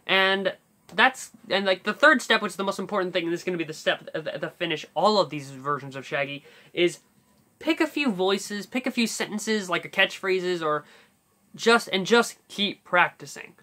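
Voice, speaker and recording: A man's voice: high voice, lively intonation, moderate pace, sharp tone. A man hosting a casual voice-impression tutorial, talking in a rambling way with fillers and restarts. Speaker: YouTube voice tutorial host.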